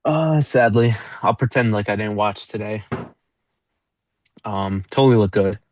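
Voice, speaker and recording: A man's voice: lowish voice, a little slow, slight background noise. A man co-hosting a casual sports podcast, with a dry, teasing humor. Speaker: podcast co-host.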